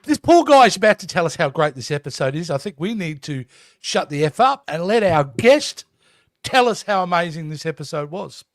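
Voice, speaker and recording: A man's voice: fairly high pitch, sing-song, brisk, no echo. A man co-hosting a casual streamed podcast, teasing and wry. His voice rises and falls a lot, and it is recorded dry and close with no room sound. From Australia. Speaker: podcast co-host.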